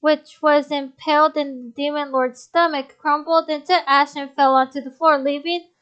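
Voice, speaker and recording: A woman's voice: high voice, flat delivery, moderate pace, a bit bright, muffled recording. A woman reading a visual novel's text aloud, stumbling over words and breaking off to comment.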